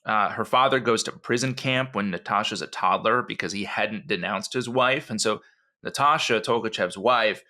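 A man co-hosting a history podcast, telling the story in an animated, conversational way with frequent asides. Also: on the low side. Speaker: podcast co-host.

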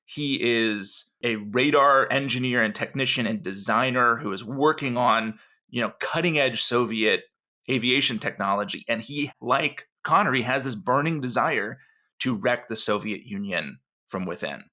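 A man co-hosting a podcast, telling a story in an enthusiastic, animated way. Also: mid-range voice, normal speed. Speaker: podcast co-host.

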